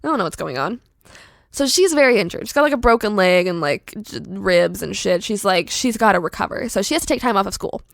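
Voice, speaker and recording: Young podcast host lady, gravelly voice, rambling chatty storytelling, dry close sound. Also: medium pitch, a little fast, no echo. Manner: chatty and animated, lots of "like" fillers. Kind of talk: casual storytelling pitch.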